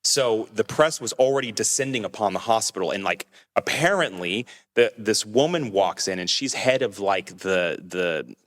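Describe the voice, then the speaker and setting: A man telling a story in casual podcast chat, animated and acting out what others said to him. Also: fairly low pitch, moderate pace, few pauses. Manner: animated, acts out quoted voices, many restarts. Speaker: podcast co-host telling his crash story.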